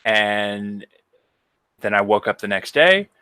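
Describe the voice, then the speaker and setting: A man's voice: fairly low pitch, expressive, takes it slowly, bright, forceful tone, clear, resonant tone, no echo. A man co-hosting a podcast, telling a story in a casual, profane way. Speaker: podcast co-host.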